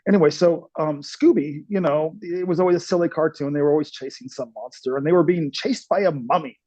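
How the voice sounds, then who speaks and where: A man's voice: fairly high pitch, brisk, dark tone, no echo. A man hosting a casual chat, talking enthusiastically and laughing often. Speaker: host. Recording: dull dry sound.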